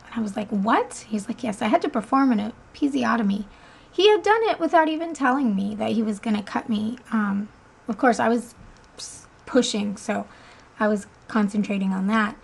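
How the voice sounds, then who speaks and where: A woman's voice: fairly high pitch, animated, normal speed, creaky, breathy edge, rough recording. A woman in her twenties casually telling the story of her son's birth, chatty with frequent ums and easy laughter. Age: 20s.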